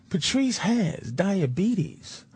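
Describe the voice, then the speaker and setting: Man imitating a soft-spoken old man past eighty, kindly, husky, lively lilt. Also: high-pitched, extremely slow, exaggerated voice. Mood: gentle.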